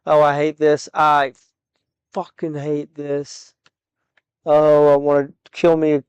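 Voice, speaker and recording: Frustrated swearing gamer, smooth dry voice. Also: medium pitch, completely flat delivery, takes it slowly, pauses often, darkish tone, no room sound, lo-fi sound. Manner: frustrated, swearing, muttering at the game. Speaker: gaming streamer. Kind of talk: casual gameplay commentary.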